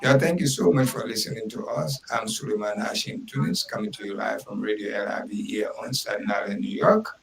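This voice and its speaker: A man's voice: fairly low pitch, steady tone, fairly quick, vocal fry, a little hiss or hum, low-quality recording. A man hosting a radio show, giving an earnest, emphatic weather report and repeating key words. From Liberia. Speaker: radio host.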